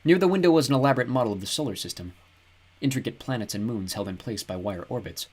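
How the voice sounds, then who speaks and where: A man reading a novel aloud as an audiobook narrator, in an even, descriptive storytelling manner. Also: medium pitch, fast, breathy edge. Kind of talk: scripted narration.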